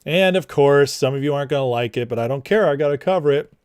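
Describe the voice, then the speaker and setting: A man's voice: on the high side, quick pace, a little mellow, smooth, no room sound, clean studio sound. A man hosting a casual political livestream, mocking and laughing often as he greets his chat by name. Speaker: livestream host.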